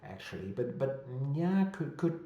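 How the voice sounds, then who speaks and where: A man's voice: medium pitch, big pitch swings, moderate pace, dark tone, roomy sound, muffled recording. A man with a thick German accent hosting a casual livestream chat, reading out viewer comments with many fillers and restarts. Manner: hesitant with many fillers and restarts, laughs easily. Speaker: host of a weekly publisher chat.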